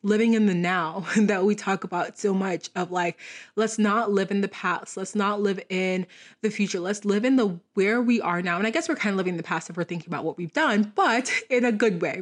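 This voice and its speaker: A woman's voice: medium pitch, a little fast. A woman hosting a podcast, chatting casually and personally with many fillers and frequent laughs. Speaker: podcast host. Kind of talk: casual chat.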